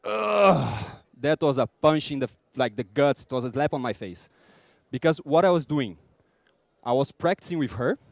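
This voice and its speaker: A man with a Brazilian accent giving a lively conference talk, acting out small scenes and joking with the audience. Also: medium pitch, moderate pace, dry recording. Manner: lively, acts out little scenes and jokes with the audience. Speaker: conference speaker.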